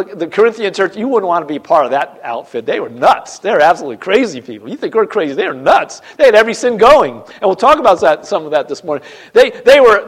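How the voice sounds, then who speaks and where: Delivering a Sunday church sermon in a high voice, this pastor preaches with emphasis, his volume rising and falling as he repeats phrases again and again.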